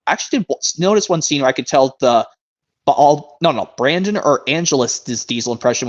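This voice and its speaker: A man's voice: mid-range voice, animated. A young man streaming a casual chat, rambling and restarting his sentences as he compares versions of a show. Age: young adult. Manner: rambling, restarts sentences, reads narration aloud slowly. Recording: muffled lo-fi stream audio.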